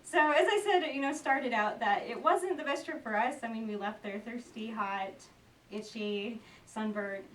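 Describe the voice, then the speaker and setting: A young woman telling a personal story out loud in a chatty, animated way, acting out the people she quotes. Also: fairly high pitch. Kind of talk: personal story told aloud. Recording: roomy, distant mic, faint background noise.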